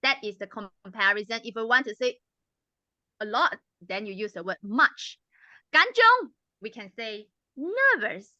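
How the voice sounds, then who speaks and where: A woman, speaking in a bright, fairly high and forceful voice. She teaches with patience, slowing down to drill each sound for the group. The recording is dull and lo-fi. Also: sing-song, dry recording. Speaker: club president giving a language evaluation. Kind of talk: explaining grammar and pronunciation at a club meeting.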